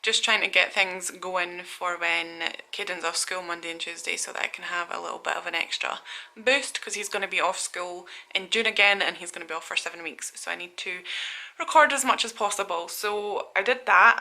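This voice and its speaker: A woman's voice: on the low side, normal speed, sharp tone. A woman in her thirties from Scotland, chatting casually and rambling in a studio vlog, laughing at herself. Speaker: artist vlogger.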